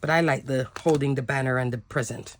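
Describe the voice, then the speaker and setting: A woman's voice: very deep voice, steady tone, a little fast. A woman giving a casual, upbeat card-making product demo, chatty and often saying "like".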